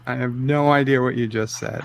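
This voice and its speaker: Male host, fry in the voice, casual jokey sign-off patter. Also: mid-range voice, steady tone, a little fast, a little hiss or hum. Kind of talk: casual movie-reaction chat.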